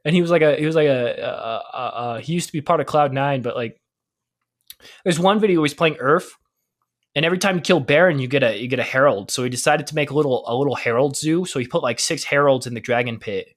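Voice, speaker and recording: A man's voice: mid-range voice, fast. A young man co-hosting a podcast, chatting casually, rambling with lots of fillers and restarts and laughing often. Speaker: podcast co-host. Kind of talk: casual chat.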